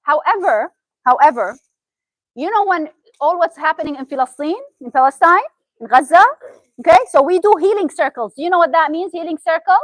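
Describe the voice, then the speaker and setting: High-voiced woman with a Syrian Arabic accent. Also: animated, brisk, a bit bright, dry recording, rough recording. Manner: chatty, asks the audience questions. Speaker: therapist giving a talk. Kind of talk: interactive motivational talk.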